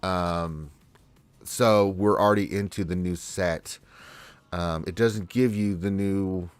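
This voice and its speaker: A man's voice: low-pitched, fairly even intonation, takes it slowly, clear, resonant tone, no room sound. Congested man hosting a casual stream. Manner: rambling, laid-back, talks to chat viewers. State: congested from allergies. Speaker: livestream Q&A host. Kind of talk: casual live-stream chat.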